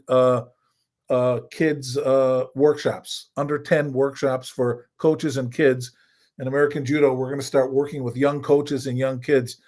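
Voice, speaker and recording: A man's voice: mid-range voice, darkish tone. An older man, a judo coach and co-host, giving casual coaching talk in a folksy way, repeating points for emphasis.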